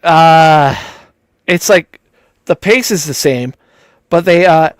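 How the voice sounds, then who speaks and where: A man with a high, very animated voice rambles through casual live-stream banter, swearing freely and breaking into laughs. The sound is close and dry, with no room around it. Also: slow, long pauses, no room sound. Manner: rambling, profane, laughs a lot, mimics accents. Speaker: co-host of a live show.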